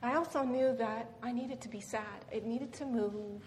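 Brief: middle-aged woman, earnest seminar speaker, slightly high voice, reverberant hall, faint hiss. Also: steady tone, moderate pace. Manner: earnest, frequent "um" and "right?". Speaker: guest speaker. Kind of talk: personal story in a seminar talk.

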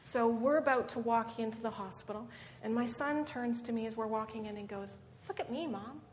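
Brief: middle-aged woman, earnest seminar speaker, slightly high voice, reverberant hall, faint hiss. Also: brisk, darkish tone. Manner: earnest, frequent "um" and "right?". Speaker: guest speaker. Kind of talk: personal story in a seminar talk.

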